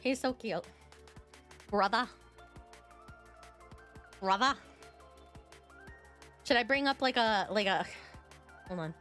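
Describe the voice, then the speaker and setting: A woman's voice: fairly high pitch, animated, normal speed, a bit bright, faint music behind. A young woman streamer chatting casually to her viewers, gushing and rambling. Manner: gushing, rambling, talks to chat. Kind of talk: casual livestream chat.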